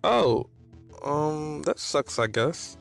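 A man's voice: fairly high pitch, big pitch swings, very slow, gravelly, soft background music, voice pushed up, heavily acted. A man voicing a blunt, sassy teenage girl with a sweet tooth in a storybook reading. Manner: blunt, teasing, loud.

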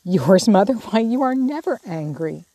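A woman's voice: mid-range voice, sing-song, moderate pace, warm tone, no echo. A woman reading the part of a remorseful, hot-tempered teenage girl, pleading and tearful. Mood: surprised.

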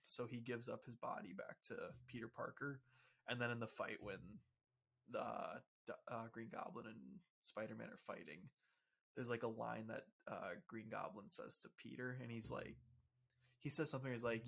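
A young man co-hosting a laid-back podcast chat, his voice gravelly with a husky edge. He walks through comic storylines in a loose, meandering way, stacking fillers as he goes. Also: mid-range voice, moderate pace, fairly bright tone. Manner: rambling explainer, lots of "like" and "um". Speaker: podcast co-host. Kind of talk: casual chat.

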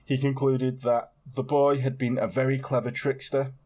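A man's voice: medium pitch, flat delivery, normal speed, darkish tone. A man co-hosting a casual podcast chat, rambling and wry, swearing and laughing as he tells a story. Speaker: podcast co-host.

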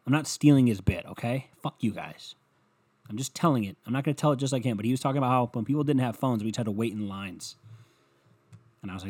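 A man's voice: mid-range voice, fast talker, darkish tone, slightly rough. A young adult man rambling and ranting at home, sarcastic and full of swearing, in a solo comedic monologue.

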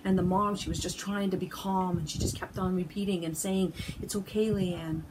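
An older woman, a grandmother, speaks from her sunroom in a low-pitched, heartfelt way, often restarting her phrases. Steady noise sits under the home recording. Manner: warm storyteller, halting with restarts. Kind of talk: heartfelt devotional talk.

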